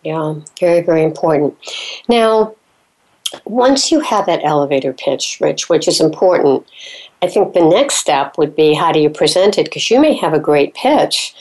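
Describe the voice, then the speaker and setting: Woman radio host, lowish voice. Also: animated, normal speed, a little mellow. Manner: chatty, affirming listener, asks follow-up questions. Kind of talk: radio interview.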